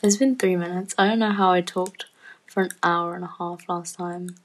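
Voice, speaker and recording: A woman's voice: fairly low pitch, steady tone, normal speed, rough recording. A woman in casual rambling chat from home, giggly and full of fillers, often dropping to a near-whisper. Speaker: student podcaster.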